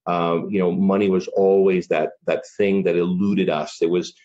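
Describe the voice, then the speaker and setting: A man's voice: sits low, level tone, moderate pace, dark tone. A middle-aged man, a podcast guest, telling a personal story in an earnest, casual way full of "you know" fillers, on a dull lo-fi recording.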